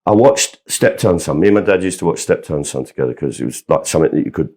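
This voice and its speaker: Husky, lively storyteller, a man. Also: extremely low pitch, quick pace. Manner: animated, laughing at his own stories. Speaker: guest comedian. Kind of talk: anecdotal storytelling.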